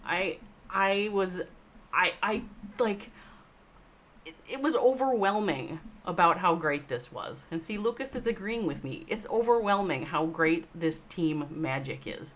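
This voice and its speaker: A woman hosting a live stream, talking straight to chat viewers. She swings between loud, emphatic, swearing bursts and slow, soft reflection. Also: lowish voice, expressive. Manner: addresses chat viewers by name. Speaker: livestream host, esports org owner. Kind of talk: emotional livestream monologue.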